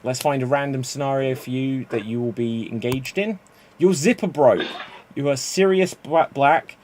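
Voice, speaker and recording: A man hosting an improv game over a stream, laying out the rules and reading audience suggestions. He talks in a loose, chatty way and laughs off his own mistakes. His pitch sits in an ordinary middle range. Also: normal speed, a little mellow, a little hiss or hum. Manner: chatty, self-correcting, laughs at own slips. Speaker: improv show host.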